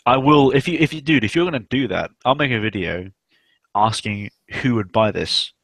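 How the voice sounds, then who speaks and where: A man's voice: mid-range voice, animated, moderate pace, creaky, a bit bright, no room sound. A young man hosting a casual livestream chat, rambling and swearing, with many fillers. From South West England. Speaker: stream host.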